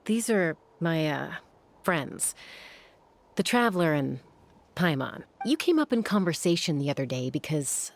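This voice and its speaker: A woman voicing a calm, steady woman mentor and warrior, reading game dialogue aloud in a reassuring, measured way. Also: low voice, voice pushed down, full character voice.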